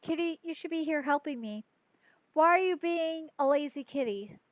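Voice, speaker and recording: A woman's voice: high-pitched, lively intonation, normal speed, no echo, poor audio. A woman in her thirties hosting a podcast, ranting casually and profanely with exasperation and chatting to her cat, a bit tipsy. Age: 30s. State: tipsy from drinking. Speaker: podcast host.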